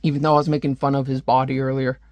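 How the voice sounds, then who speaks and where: A man's voice: mid-range voice, little pitch movement, very fast, darkish tone, dry recording. A man casually reviewing a comic book, rambling and sarcastic as he reads panels aloud.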